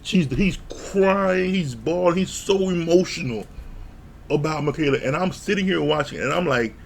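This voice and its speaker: A man's voice: fairly high pitch, normal speed, creaky, a little hiss or hum. A man giving a blunt, profane, casual recap of a reality show, retelling scenes with mock quotes. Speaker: show reviewer.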